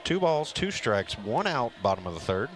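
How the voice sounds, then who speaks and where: A man's voice: medium pitch, big pitch swings, moderate pace, a bit bright. A man calling a casual kickball game as play-by-play commentator, chatty and joking with his partner.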